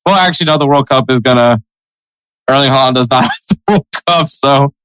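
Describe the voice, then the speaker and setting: A man's voice: medium pitch, brisk, a bit bright, clean tone, no echo, low-quality recording. A man co-hosting a casual soccer podcast, chatting with frequent laughs and reading sponsor spots. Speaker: podcast co-host.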